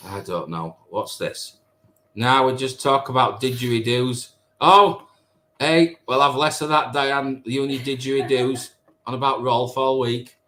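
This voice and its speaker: A man's voice: medium pitch, fairly even intonation, moderate pace, a bit bright. A man in his thirties hosting a live stream, chatting and teasing viewers as he reads their comments. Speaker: live stream host reading chat. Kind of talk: casual chat with viewers.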